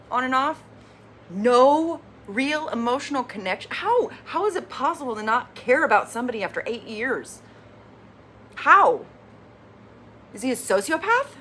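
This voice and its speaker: A woman hosting a casual TV recap vlog, animated and opinionated, with lively, candid commentary. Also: fairly high pitch, a little hiss or hum. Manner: animated, opinionated, acts out quotes. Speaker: recap reviewer, channel host.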